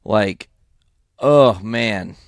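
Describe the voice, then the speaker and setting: A man's voice: on the low side, drawn-out words, dry recording, studio quality. A man co-hosting a podcast, chatting casually and enthusiastically, with lots of swearing. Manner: enthusiastic, profane, rambling. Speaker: podcast co-host. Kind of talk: casual comic book chat.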